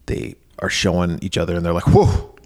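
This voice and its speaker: A man's voice: sits low, completely flat delivery, fast talker. A man co-hosting a podcast, chatting casually about an old movie, cursing freely and laughing often. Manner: profane, laughing, jokey. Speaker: podcast co-host.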